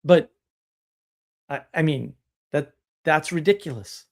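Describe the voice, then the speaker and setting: A man's voice: on the high side, lively intonation, normal speed. A man hosting a live stream, talking bluntly and emphatically, now and then mimicking other people as he tells stories. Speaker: host.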